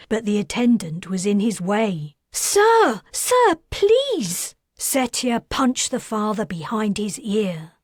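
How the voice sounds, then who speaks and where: A woman narrating her own science fiction audiobook in a soft, measured way, dropping to a near whisper at times. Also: medium pitch, no echo, studio quality.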